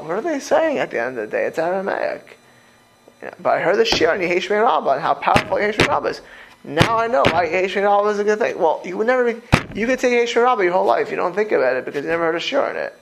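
A man's voice: high-pitched, a little fast, vocal fry, low-quality recording. A man teaching a Torah class as a rabbi, talking straight to his listeners with rhetorical questions and frequent restarts. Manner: animated, conversational, repeats words while restarting. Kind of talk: informal Torah lecture.

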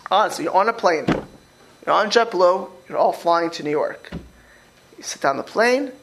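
A man's voice: sits high, expressive, normal speed, fairly bright tone, a little hiss or hum, low-quality recording. A man teaching a religious class as a rabbi, talking informally, repeating words and acting out quoted speech as he questions his listeners.

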